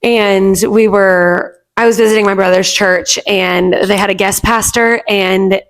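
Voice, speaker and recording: A woman's voice: mid-range voice, fairly even intonation, measured pace. A young woman, a guest on a faith podcast, telling a personal story and often quoting herself and others. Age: young adult. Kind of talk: casual faith podcast chat.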